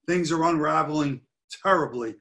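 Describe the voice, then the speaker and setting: A man's voice: on the high side, normal speed, fairly bright tone. A middle-aged man giving a history lecture over slides, earnest and stressing key points by repeating them. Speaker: history presenter.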